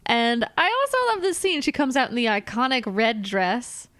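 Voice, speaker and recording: A woman's voice: on the high side, dry recording. A woman co-hosting a podcast, chatting and recapping a film, acting out the characters' lines with lots of laughter. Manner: animated, acts out lines in quick voices, laughs often. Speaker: podcast co-host. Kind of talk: casual chat recapping a film.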